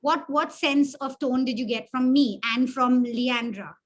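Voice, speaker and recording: A woman's voice: high-pitched, unhurried. A woman mentor teaching an interactive online workshop, chatty and self-deprecating, often putting questions to the audience. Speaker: webinar mentor.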